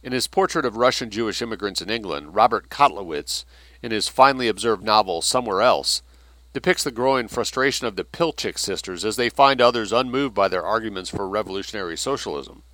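A man reads passages from a book aloud, stopping now and then to comment on them. His voice is low-pitched with a bright, forceful edge, and the recording is dry and close. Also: lively intonation, a little fast, dry recording.

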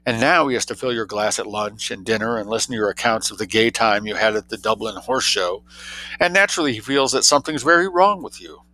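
A man reading an audiobook, voicing a droll young gentleman who tells tall tales in an arch, quick, mock-grave way. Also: on the low side, pitched above the performer's own voice, rough recording.

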